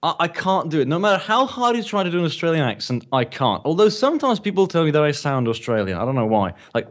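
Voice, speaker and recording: A man's voice: fairly high pitch, big pitch swings, fast talker, few pauses. Playful young man with British accent. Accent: British English. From Slovenia. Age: young adult. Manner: jokey, playful, laughs easily. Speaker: co-caster. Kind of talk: casual live stream banter.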